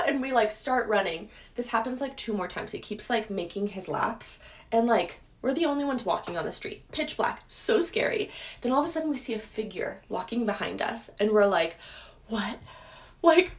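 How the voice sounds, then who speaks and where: A young woman casually telling a story, chatty, full of "like" and "um". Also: medium pitch. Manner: chatty, lots of "like" and "um". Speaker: clip guest telling a story.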